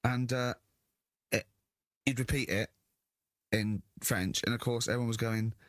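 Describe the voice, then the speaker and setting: A man hosting a casual radio chat, telling anecdotes in an animated way and laughing easily. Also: mid-range voice, no room sound, studio quality. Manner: animated storyteller, quick to laugh. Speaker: radio host. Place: radio studio.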